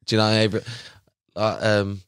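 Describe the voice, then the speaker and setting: Young man, low voice, dry close sound, animated storyteller, slangy guest. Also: moderate pace, clean tone, dry recording. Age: young adult. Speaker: podcast guest, carp angler. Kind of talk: casual chat.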